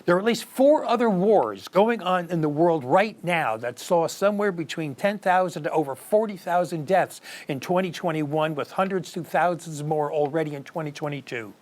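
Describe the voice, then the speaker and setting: A man's voice: fairly high pitch, animated, normal speed, hardly any pauses, a little mellow. Earnest male political commentator. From United States. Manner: earnest, rhetorical questions, emphatic rises. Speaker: news commentary host.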